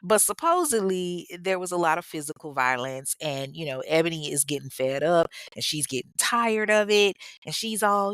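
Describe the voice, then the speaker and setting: A woman's voice: fairly low pitch, very animated, moderate pace, hardly any pauses, a bit bright, dry recording. A woman podcast host telling a true-crime story in a casual, candid way, with profane, chatty asides to her listeners.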